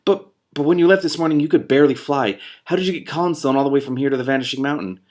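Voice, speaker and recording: Man reading an earnest young princess, urgent and raised in pitch. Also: racing, a little mellow, lightly acted.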